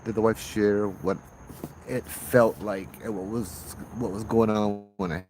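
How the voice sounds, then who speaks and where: A man, casually telling ghost stories on a livestream outdoors at night, chatty and relaxed, greeting viewers and laughing often. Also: on the low side, measured pace, slight background noise. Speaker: ghost-story livestream host and former tour guide. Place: outdoors at night with bugs around.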